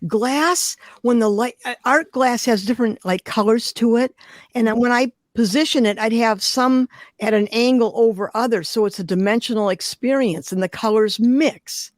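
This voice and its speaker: A woman's voice: fairly high pitch, normal speed, no echo. An older woman from Detroit, a glass artist telling vivid, emotional stories in an interview. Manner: vivid, emotional, expressive storytelling. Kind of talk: storytelling interview.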